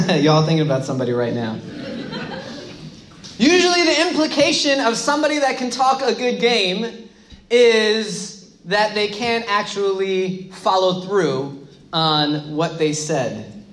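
High-voiced man preaching in an echoey room. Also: big pitch swings, slow, fairly bright tone. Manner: informal, repeats phrases, asks the audience questions. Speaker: pastor. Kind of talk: conversational sermon.

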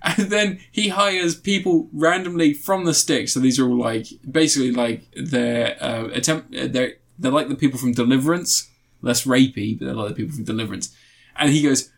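A man's voice: medium pitch, fast. A man chatting casually as a podcast co-host, retelling a show at length and laughing as he goes. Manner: rambling, laughs through his retellings. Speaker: podcast co-host reviewing shows. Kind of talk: casual chat.

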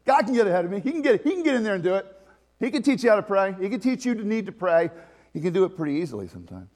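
A man preaching a conversational sermon as pastor, animated and laughing often. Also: high voice, very fast.

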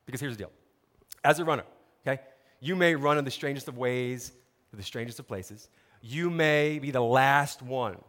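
A man preaching a sermon, telling a story with lively, conversational asides to his listeners. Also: medium pitch, in a large hall. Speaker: pastor.

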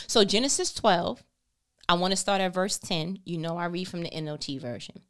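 A woman hosting a casual faith talk in a playful, animated way, laughing often and reading aloud from the Bible. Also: lowish voice, a little fast. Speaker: faith podcast host.

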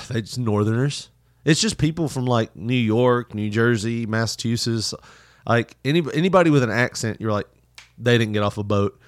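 A man chatting casually on a podcast, rambling through travel stories and breaking into laughter often. His voice sits at an ordinary middle pitch. The sound is dry and close, with no room around it. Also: moderate pace, no echo. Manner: laughs often, loose rambling storytelling with swearing. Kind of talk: casual chat.

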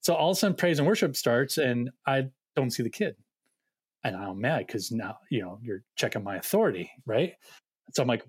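A man who serves as a youth ministry director, telling funny camp stories in a relaxed conversational way and acting out the dialogue. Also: medium pitch, fairly quick, breathy edge, no echo. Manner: animated anecdote-telling with quoted dialogue. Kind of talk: casual storytelling.

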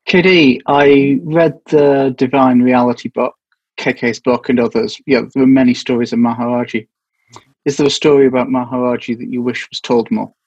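A man's voice: medium pitch, level tone, moderate pace, a little mellow, slightly rough, no echo. A man at an online gathering asking the host a polite, direct question. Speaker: audience member asking a question. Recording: dull, dry remote audio.

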